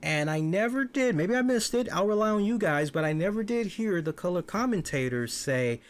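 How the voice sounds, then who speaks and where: A man hosting a wrestling review show, giving casual, animated commentary. He swears freely and often repeats words as he starts a thought. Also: high voice, normal speed.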